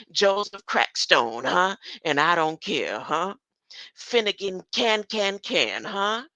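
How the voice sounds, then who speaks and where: An older woman rambles through a loose online monologue, her voice bright and forward. She keeps tossing in "huh?" and little chuckles, and the sound is close and dry. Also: on the low side, sing-song, slow, no room sound. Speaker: online commentator.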